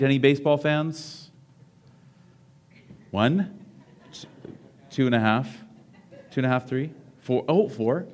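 A man's voice: mid-range voice, a little slow, pauses often. A middle-aged male pastor giving a sermon, reading a story aloud with drama and asking the congregation questions.

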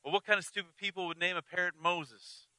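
Man playing a nervous burglar, incredulous, exasperated, high voice, smooth clear tone. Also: fairly even intonation, a little fast, sharp tone, no room sound, rough recording. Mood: indignant. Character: nervous male house burglar.

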